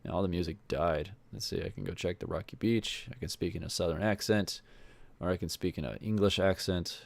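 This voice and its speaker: A man's voice: sits low, brisk, gravelly. A man reading a visual novel aloud with rambling, self-correcting, wry commentary. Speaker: video game let's player.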